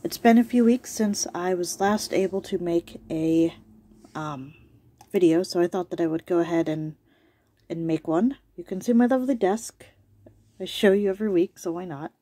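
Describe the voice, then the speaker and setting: A YouTube host chats casually about cryptids from her home desk, her fairly low, mellow voice worn by allergies. She speaks at a moderate pace, rambling with asides and ums.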